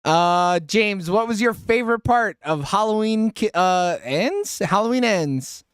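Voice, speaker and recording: A man with a high, light voice hosts a loose movie review chat, laughing a lot and cursing freely. His voice sits close and dry, with no room sound around it. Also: animated, unhurried, clear, resonant tone, dry recording. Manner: laughs often, swears freely. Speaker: podcast host asking the review questions.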